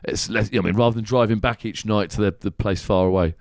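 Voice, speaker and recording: A man's voice: lowish voice, fairly even intonation, quick pace, darkish tone, no room sound, clean studio sound. A man hosting a podcast, chatting casually in a rambling way, swearing and laughing often. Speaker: podcast host. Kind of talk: casual comedic chat.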